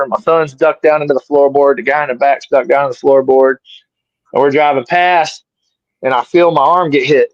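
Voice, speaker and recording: A man's voice: fairly high pitch, no echo. Middle-aged man telling a story. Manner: animated, acts out his own quotes. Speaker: interview guest, fighter. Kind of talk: casual storytelling. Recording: dry, slightly dull sound.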